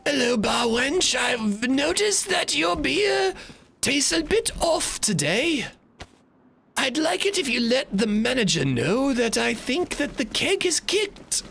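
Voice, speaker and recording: A man voicing a fussy English pub customer with a shrill, mock-posh, drawn-out English accent. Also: very animated, creaky, fairly bright tone, a little hiss or hum, heavily acted. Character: prim high-voiced English pub customer, fussy complainer.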